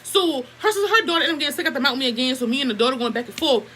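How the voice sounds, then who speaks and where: A young woman vlogger telling a story in a casual, animated and heavily profane way. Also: high voice, racing, slightly rough, rough recording. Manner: profane, animated, emphatic retelling.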